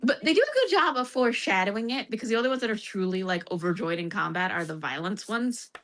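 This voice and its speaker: A woman's voice: mid-range voice, lively intonation, quick pace, fairly bright tone. A woman streamer chatting casually about a game, laughing often and acting out the characters' lines in bursts.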